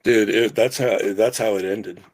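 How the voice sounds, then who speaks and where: A middle-aged man co-hosting a podcast, telling a story in casual, animated chat and swearing freely. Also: on the low side, moderate pace. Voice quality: gravelly, husky. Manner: animated, profane storyteller who yells quoted lines. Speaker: podcast co-host.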